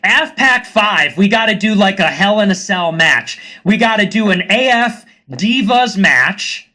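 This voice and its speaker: A man's voice: sits high, expressive, a little slow, bright, forceful tone. A man hosting a livestream, talking in a casual, rambling rant with a sarcastic edge. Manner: sarcastic, rambling, slips into mocking put-on voices. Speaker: livestream host. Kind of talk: casual ranting monologue.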